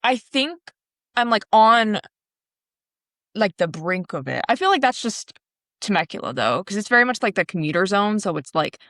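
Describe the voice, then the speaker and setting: A woman's voice: mid-range voice, big pitch swings, normal speed, a bit bright, dry recording. A young woman co-hosting a podcast, chatty and a little rambling, full of fillers. Her mid-range voice is dry and close-miked. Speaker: co-host. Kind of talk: casual podcast chat.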